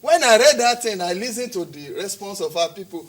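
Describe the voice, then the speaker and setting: A man with a Nigerian accent, a security expert arguing forcefully in a TV studio interview, firing rhetorical questions and repeating words as he presses his points. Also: sits high, expressive, brisk.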